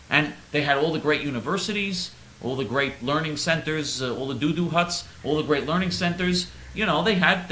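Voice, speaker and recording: A man's voice: fairly high pitch, bright, forceful tone, roomy sound, a little hiss or hum, rough recording. A male host delivering a sarcastic, rambling satirical monologue, stammering over his words.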